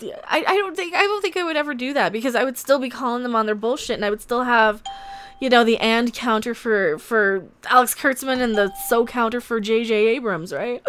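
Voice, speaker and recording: A woman's voice: a little high, fairly quick, a bit bright, smooth. A woman hosting a live stream, chatting casually with her viewers in a rambling, candid way and swearing freely.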